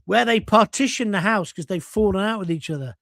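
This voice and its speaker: Older bloke, live-stream host, blunt cheeky chat, highish voice. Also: male voice, fairly quick, gravelly, a bit bright, no echo. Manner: chatty, reminiscing, blunt and cheeky. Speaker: host reading viewer comments.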